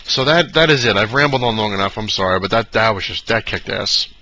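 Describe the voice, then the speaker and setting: Excitable rambling man, bright voice. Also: lowish voice, brisk, slight background noise, rough recording. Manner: rambling, excitable, many fillers and restarts. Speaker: comic collector vlogger. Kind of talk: casual storytelling to camera.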